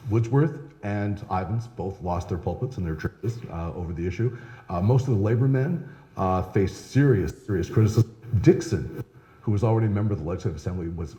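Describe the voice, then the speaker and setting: A man's voice: sits low, mellow. A male historian giving a live lecture, chatty and conversational, often checking in with "right?". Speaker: historian giving a public talk. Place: historical society lecture room. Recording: echoey hall, long reverb.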